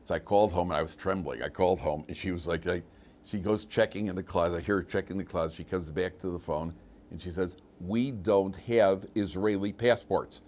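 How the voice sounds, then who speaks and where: A man, a rabbi teaching a class and telling funny personal stories, laughing at his own jokes. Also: fast talker. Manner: animated storyteller, laughs at his own jokes, big jumps in pitch and loudness. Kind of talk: lively class talk with personal anecdotes.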